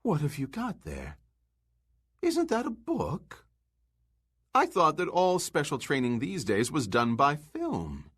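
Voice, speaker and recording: A man's voice: a little high, wildly swooping pitch, slow, long pauses, fairly bright tone, breathy edge, pitched above the performer's own voice, heavily acted. A man reading aloud and voicing a prim, prying middle-aged housewife.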